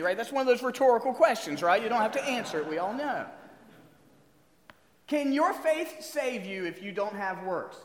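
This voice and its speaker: High-voiced pastor guy preaching, voice jumps around a lot, church hall echo. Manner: animated, asks the congregation questions. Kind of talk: sermon.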